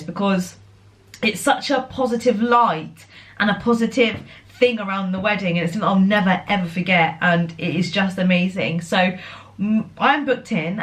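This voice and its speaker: An excitable young woman, talking casually straight to her viewers. She is chatty, with a middle-pitched voice, and her speech is full of fillers and self-corrections. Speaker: vlogger. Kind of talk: casual chat.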